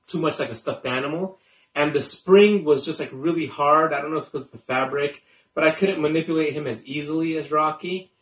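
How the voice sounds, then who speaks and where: A man's voice: mid-range voice, a bit bright. Rambling man in an echoey room. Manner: rambling, with many fillers and restarts. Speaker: magician. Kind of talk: casual show-and-tell talk.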